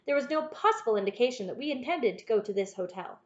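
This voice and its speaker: An earnest, learned doctor, as a woman reader plays him, formal and full of curiosity. The voice sits a little high and sounds dull and lo-fi. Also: lively intonation, quick pace, close to an everyday voice.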